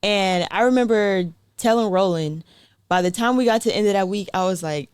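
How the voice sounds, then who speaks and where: A young woman tells her story to interview hosts in an easy, animated way, voicing other people as she goes. Her voice sits at a middle pitch. It is recorded close and dry, with no room sound. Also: a little fast, smooth, no echo. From South Carolina, USA. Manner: chatty, animated, acts out quotes, frequent "like" and light laughs. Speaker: guest sprinter.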